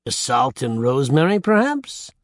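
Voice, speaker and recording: A man's voice: mid-range voice, sing-song, moderate pace, no echo, clean studio sound, close to an everyday voice. A man voicing a pushy, impatient oil salesman in an audiobook. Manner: bellowing, impatient.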